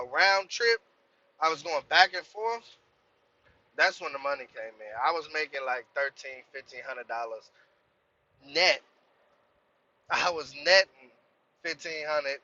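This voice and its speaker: A man's voice: on the high side, lo-fi sound. A young man, a truck driver, telling a profane, heated story about his work in a casual rant. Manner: profane, animated, heated when quoting himself.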